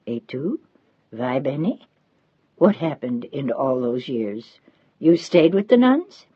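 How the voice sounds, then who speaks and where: A woman's voice: a bass voice, big pitch swings, slow pace, slightly rough, no echo, lo-fi sound, full character voice. A woman reading an old motherly Italian housekeeper. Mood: pleading. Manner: pleading, insistent.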